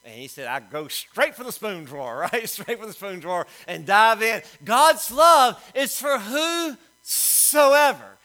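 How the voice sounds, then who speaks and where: Man, middle-aged pastor, sermon, high-pitched, bright tone, emphatic then hushed. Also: expressive, moderate pace, few pauses, poor audio. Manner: swings between loud emphatic preaching and quiet storytelling.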